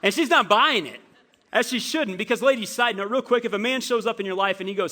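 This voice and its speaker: Male pastor preaching in church, kinda high voice, animated, keeps tripping over his words. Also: fast. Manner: animated storytelling, frequent stammered restarts. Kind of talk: sermon. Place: church sanctuary.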